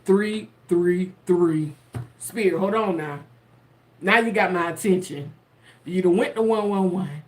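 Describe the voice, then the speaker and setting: A woman telling a spiritual story casually to her viewers, animated and laughing often. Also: fairly low pitch, normal speed. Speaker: tarot content creator.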